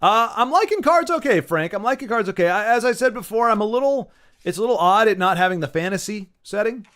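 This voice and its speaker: A man's voice: high-pitched, quick pace, a bit bright, clean tone. A man giving casual, joking commentary while playing a card game, muttering to himself between asides to his viewers. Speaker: gaming channel host.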